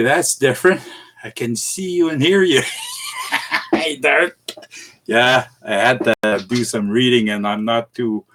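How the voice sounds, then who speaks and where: A middle-aged man hosting a casual livestream, rambling and chuckling between halting restarts as he greets his viewers. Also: medium pitch, fairly bright tone, a little hiss or hum. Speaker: live streamer.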